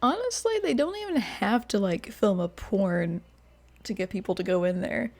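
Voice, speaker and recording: A woman's voice: mid-range voice, animated, normal speed, darkish tone. A woman hosting a reaction video, chatting casually and laughing often. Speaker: host. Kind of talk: reaction commentary.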